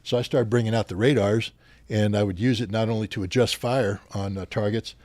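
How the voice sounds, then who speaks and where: Middle-aged male guest, low voice, dry close sound, animated storyteller who gets louder at the clashes. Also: brisk, no room sound. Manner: animated anecdotes, louder when retelling confrontations. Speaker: podcast guest. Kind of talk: storytelling interview.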